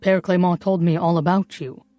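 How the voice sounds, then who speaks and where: A woman voicing a brisk, clever male forger who talks down to people in a dry, condescending way. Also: lowish voice, fairly even intonation, dark tone, dry recording, natural voice.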